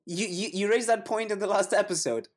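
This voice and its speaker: A woman's voice: medium pitch, fairly quick. A woman co-hosting a podcast in casual chat, rambling through stories and giggling often. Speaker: podcast co-host.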